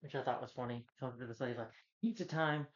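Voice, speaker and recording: A man's voice: medium pitch, level tone, rapid-fire, a little mellow, lo-fi sound. Rambling man reviewing a film. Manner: rambling, enthusiastic plot retelling.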